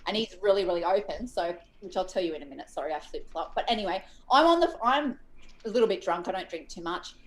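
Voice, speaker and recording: A woman in her thirties calling in to a live talk show, telling a rambling, animated story full of quoted asides. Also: on the low side, quick pace. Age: 30s. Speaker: caller. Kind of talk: casual call-in chat.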